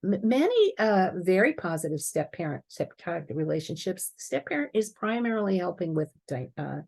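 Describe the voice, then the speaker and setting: A woman giving a prepared talk on stepfamily life, explaining earnestly and clearing her throat now and then. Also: fairly low pitch, very animated, moderate pace, a little mellow.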